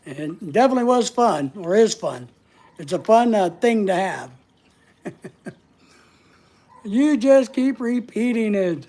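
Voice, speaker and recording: A woman's voice: medium pitch, animated, takes it slowly, pauses often, dark tone. A woman hosting a casual livestream, answering viewer comments in a playful, teasing way and laughing often. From United States. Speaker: livestream host.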